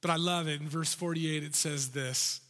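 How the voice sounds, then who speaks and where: A pastor preaching with animated urgency, his voice pitched high and ringing bright. A long hall reverb trails behind each phrase in the sanctuary. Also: moderate pace. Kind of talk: sermon.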